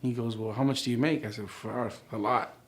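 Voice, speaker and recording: Gravelly man telling his testimony. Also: medium pitch, a little fast. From United States. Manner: animated storyteller, acting out quoted dialogue. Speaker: church member sharing his testimony. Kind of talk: personal testimony storytelling.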